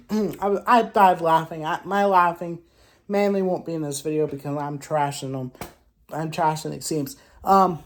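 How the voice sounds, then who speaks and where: A woman hosting a casual sports commentary vlog. She trash-talks in an animated way, with loud exclamations, rhetorical questions and frequent restarts. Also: lowish voice. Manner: frequent restarts and self-corrections. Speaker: sports show host.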